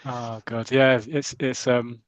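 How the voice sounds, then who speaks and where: A man's voice: medium pitch, flat delivery, takes it slowly, dry recording. A man hosting a podcast in casual chat, hesitant and introducing segments. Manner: hesitant, many fillers and restarts, introducing clips. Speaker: podcast host.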